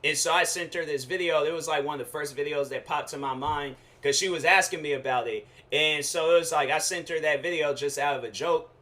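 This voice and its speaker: A young man hosting his own show, telling a casual slangy rant with lively quoted asides. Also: fairly high pitch, brisk, few pauses. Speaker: show host.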